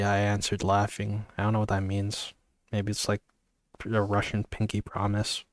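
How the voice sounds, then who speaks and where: Sleepy low-voiced man reading aloud. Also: monotone, normal speed, dry recording, clean studio sound. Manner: stumbles and apologizes mid-reading. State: sleepy, yawning. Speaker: amateur reader. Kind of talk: casual audiobook reading.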